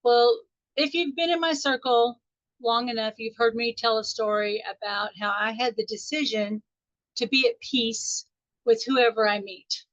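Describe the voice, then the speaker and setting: A woman's voice: on the high side, unhurried, fairly bright tone, no echo, muffled recording. A middle-aged woman from Texas, a spiritual teacher telling a chatty story on a group call. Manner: chatty, anecdotal, laughs often. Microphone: call audio.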